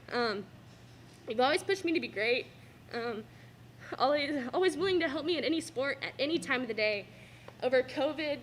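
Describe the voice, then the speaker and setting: Young woman, fairly high voice, tearful thank-you speech with nervous laughs, faint cafeteria hum. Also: a bit bright. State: fighting back tears. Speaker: student athlete giving a farewell speech. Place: school cafeteria.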